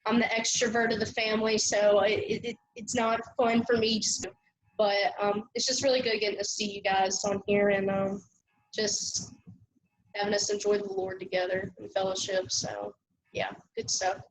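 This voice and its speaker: A woman with a Southeast Louisiana accent chats on a video call, teasing and friendly, dropping in "um" as she goes. Her voice sits at an ordinary pitch over faint background noise. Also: flat delivery, moderate pace. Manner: chatty, teasing, with fillers. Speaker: church member. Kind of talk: casual video call chat.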